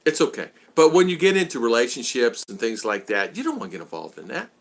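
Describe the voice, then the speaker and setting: A man's voice: medium pitch, quick pace. An older man hosting a casual video chat, telling stories and acting out exasperated quotes. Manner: animated, acts out exasperated quotes. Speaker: vlog host.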